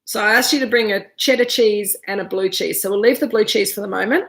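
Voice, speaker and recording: A woman's voice: medium pitch, fast, background noise. A woman leading a casual live wine tasting class, chatting freely while chewing cheese. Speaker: winemaker leading a virtual tasting.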